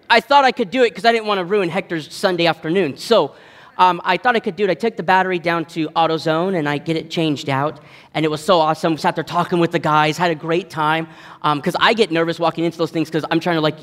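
A man in his thirties preaching a sermon, telling a story against himself with lots of energy. He acts out the voices of the people in his stories. His voice is fairly high, and it rings out with a long reverb in a church hall. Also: quick pace, fairly bright tone. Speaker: pastor.

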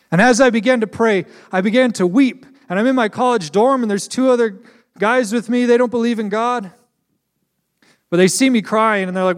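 High-voiced young man preaching in a reverberant hall. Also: brisk. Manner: storytelling, earnest, laughs at himself. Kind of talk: sermon with personal testimony.

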